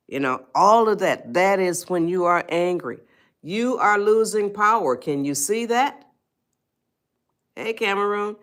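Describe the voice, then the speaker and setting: A woman's voice: medium pitch, expressive, unhurried. A woman hosting a casual live stream, chatting with viewers and coaxing them to reply. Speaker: livestream host, life coach.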